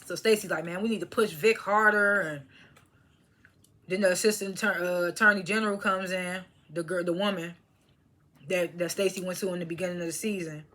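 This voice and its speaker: A young woman talks straight to her camera at home, recapping a show episode in loose, chatty fashion. Her voice is bright and forward, broken by quick laughs and plenty of fillers, and she chews snacks as she talks. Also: lowish voice, steady tone. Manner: chatty, laughs often, strings thoughts with fillers; talks while chewing snacks. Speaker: TV episode reviewer. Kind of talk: casual recap monologue.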